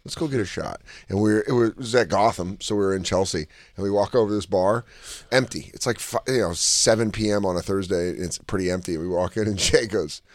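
A man's voice: lowish voice, quick pace, dry recording, studio quality. A man co-hosting a show, telling stories in casual, profane chat. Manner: animated storyteller, swears freely. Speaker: podcast co-host.

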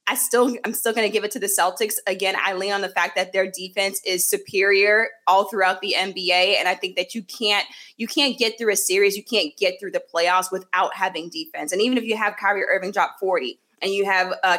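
A woman's voice: medium pitch, brisk, few pauses, a bit bright. Emphatic woman sports reporter. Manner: fluent and emphatic, with repeated fillers. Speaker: sports reporter covering a basketball team. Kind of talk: casual sports analysis.

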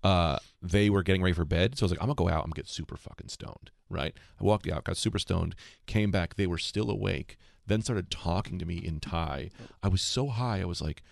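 A man comedian telling animated stories as a guest and acting out other people's lines. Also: low voice, brisk, vocal fry, few pauses, dry recording, clean studio sound. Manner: animated storyteller, acts out voices. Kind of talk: casual chat.

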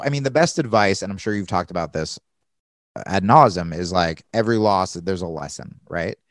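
A man's voice: lowish voice, no echo. A young man in candid casual conversation as a podcast guest, rambling and swearing, often restarting his sentences.

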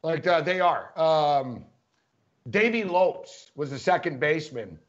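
A man's voice: fairly high pitch, expressive, measured pace, highs cut off. A man co-hosting a sports podcast, telling rambling anecdotes full of "like" and "you know" in casual chat.

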